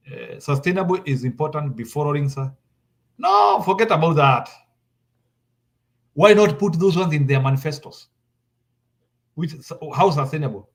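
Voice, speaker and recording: A Kenyan man arguing politics with urgency and sitting a touch high in his range. He drives his points in through repetition, trips into restarts and moves back and forth between English and Swahili. The delivery stays forceful and persistent. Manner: insistent, repeats points, switches into Swahili. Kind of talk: heated political talk.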